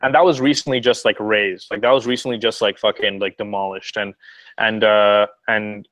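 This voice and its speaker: A man's voice: fairly low pitch, steady tone, moderate pace, a bit bright, no echo, dull audio. A young man from Montreal chatting casually on a live stream, rambling with lots of fillers and swearing. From Montreal, Canada. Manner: rambling, profane, many fillers. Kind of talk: casual chat.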